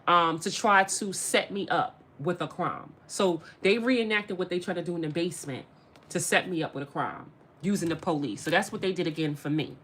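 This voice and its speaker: A woman's voice: fairly low pitch, moderate pace, a bit bright. Emphatic woman giving a tarot reading. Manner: emphatic, repeats phrases, addresses viewers directly. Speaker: tarot reader. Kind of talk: casual spiritual reading to camera.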